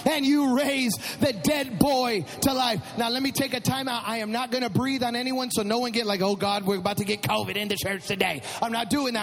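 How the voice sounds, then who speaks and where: A man preaching a sermon testimony, swinging from hushed prayer to loud, impassioned shouting. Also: extremely high pitch, big-room sound, rough recording. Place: church.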